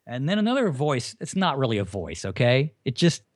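A man giving a personal faith testimony in conversation, telling it as an animated story and asking himself emphatic questions. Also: medium pitch, fairly quick, no room sound, studio quality.

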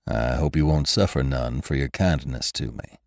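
A man voicing a quiet, laconic cowboy gunman who speaks low and politely in a folksy drawl. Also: moderate pace, gravelly, no echo, clean studio sound.

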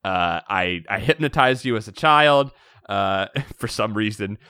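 This man's voice is on the low side, smooth, and a little slow, captured in a dry, studio-quality recording. He co-hosts a casual podcast, laughing through a book recap with frequent swearing. His manner is animated and loose with profanity.

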